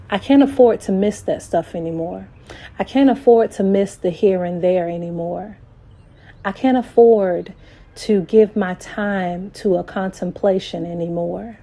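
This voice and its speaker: A woman recording a reflective voice note as a life coach. She talks slowly and with emphasis, repeats her lines like affirmations, and grows emotional until her voice drops toward a whisper. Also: mid-range voice, mellow.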